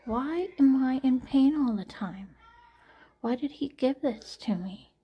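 A woman's voice: high-pitched, animated, measured pace, slightly rough, dull audio. A woman in her forties talking anxiously to camera in a personal late-night vlog, sighing often and trailing off. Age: 40s. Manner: anxious, frequent sighs, trailing off. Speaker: vlogger.

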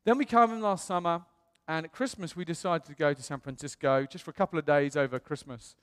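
A man from the United Kingdom preaching in a church, telling his story in a chatty, animated way with self-quotes. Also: fairly high pitch, quick pace, clean tone. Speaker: pastor. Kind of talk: storytelling sermon. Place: church hall. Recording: long church-hall reverb.

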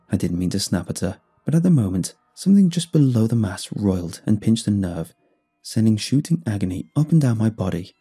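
Deep, mellow male horror narrator, dramatic reading. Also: very animated, slightly rough, faint music behind. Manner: measured, dramatic reading with sudden pitch lifts. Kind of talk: scripted first-person horror narration.

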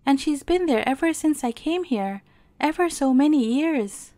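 A woman's voice: high-pitched, animated, a little slow, mellow, dry recording, clean studio sound. A woman voicing an earnest little princess. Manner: pleading, indignant. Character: young princess girl, earnest and easily hurt.

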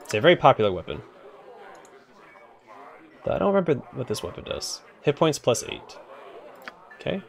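A man's voice: medium pitch, wildly swooping pitch, moderate pace, gravelly, pauses often. A man giving casual let's play commentary, thinking aloud with frequent hesitations.

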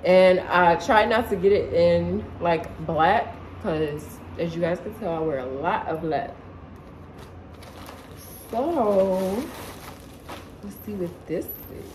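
A young woman chatting casually in her living room, excitable and slangy, as a vlogger showing clothes. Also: lowish voice, slow pace, long pauses, slight background noise, rough recording. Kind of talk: casual haul video chat.

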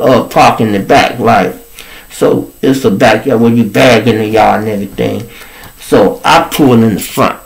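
A man's voice: mid-range voice, vocal fry, rough recording. A man with a Chicago accent telling a story to his viewers, swearing freely and acting out the other people's lines. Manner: animated, profane, acts out quoted voices.

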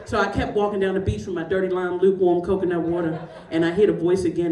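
A woman's voice: fairly low pitch, flat delivery, quick pace, mellow, roomy sound, recorded from a distance. A woman in her forties doing a stand-up comedy set, telling a profane story with big swings of her voice. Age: 40s. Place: comedy show in a large store.

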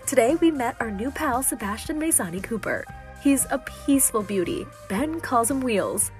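Female news voice-over, upbeat and breezy, slightly high, light music bed. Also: big pitch swings, normal speed. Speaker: entertainment news narrator. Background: faint music bed.

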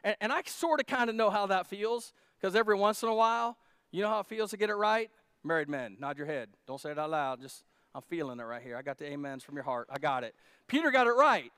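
A man's voice: sits high, expressive, fast, a bit bright, smooth, no echo, studio quality. A male pastor preaching a sermon at a church service in a joking, conversational way.

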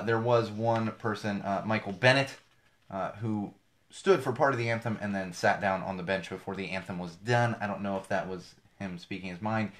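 A man hosting a podcast, talking through the news in a casual, sarcastic way with many fillers and restarts. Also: sits low. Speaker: podcast host. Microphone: podcast microphone.

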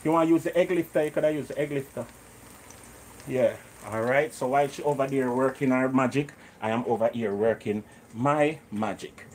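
A man's voice: medium pitch, normal speed, darkish tone, slight background noise. A man with a Jamaican accent hosting a live cooking stream from a home kitchen, chatting and greeting viewers by name. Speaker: cooking show host.

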